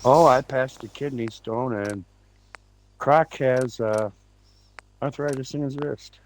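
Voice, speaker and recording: A man's voice: medium pitch, slow, a little hiss or hum, rough recording. A man chatting casually on a game stream as co-host, joking and easygoing. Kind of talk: casual chat.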